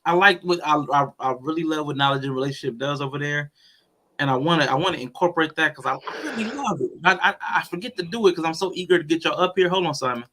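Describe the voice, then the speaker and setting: Guy hosting a stream, kinda high bright voice, rushes and restarts his sentences. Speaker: host. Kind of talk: casual chat.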